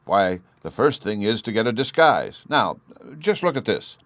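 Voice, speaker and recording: A man's voice: lowish voice, sing-song, moderate pace, a bit bright, dry recording. A man reading an audiobook, voicing a testy, scornful husband who snaps and sneers. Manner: snappish and scornful.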